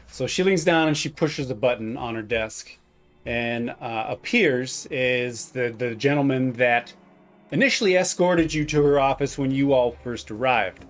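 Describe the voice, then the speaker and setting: A man narrating a tabletop role-playing game as game master, pausing often with fillers and restarts. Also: medium pitch, faint music behind. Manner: halting, with many fillers and restarts.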